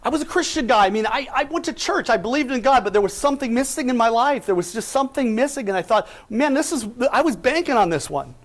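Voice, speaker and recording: This American man, a company president, gives an inspirational speech in a very high-pitched voice with lively intonation. He talks fast with few pauses, telling his own story and posing emphatic rhetorical questions.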